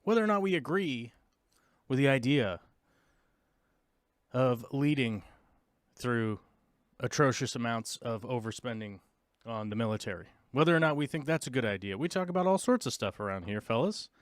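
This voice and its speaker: An American man opens his own long-format podcast with goofy, rambling banter and joking asides, like a live-stream intro. His mid-range voice has lively intonation at a moderate pace with long pauses, recorded dry with clean studio sound.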